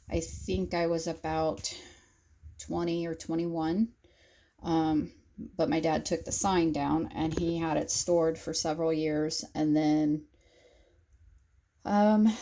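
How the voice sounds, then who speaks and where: Vlogger, woman, 40s, low gravelly voice, rambling and sentimental, slightly choked up, handheld phone outdoors. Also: mellow. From southern Indiana. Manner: rambling, fond reminiscing with frequent fillers. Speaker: craft vlogger. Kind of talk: casual vlog tour. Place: outdoor craft shed, windy.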